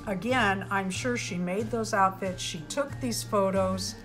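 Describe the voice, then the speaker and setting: Woman doll-channel host, slow and gushing, unboxing chat; echoey room, faint music bed. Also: mid-range voice, a bit bright. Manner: gushing, exclaims over each gift.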